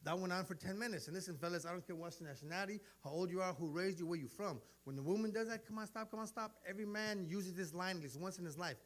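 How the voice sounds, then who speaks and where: Brash, fast-talking comedian in his forties. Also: high-pitched. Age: 40s. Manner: brash, profane storytelling with acted-out dialogue. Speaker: stand-up comedian. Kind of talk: stand-up comedy set.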